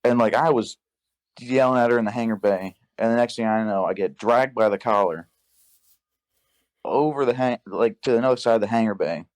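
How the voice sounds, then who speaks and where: A young man telling a work story in casual podcast chat, profane and animated, acting out the dialogue. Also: medium pitch, a little fast. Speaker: podcast guest.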